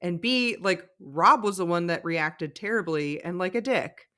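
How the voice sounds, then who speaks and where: A woman's voice: on the low side, unhurried, a bit bright. A woman co-hosting a podcast, giving opinionated commentary on a reality show with frequent giggles. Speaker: podcast co-host. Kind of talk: casual chat recapping a reality show.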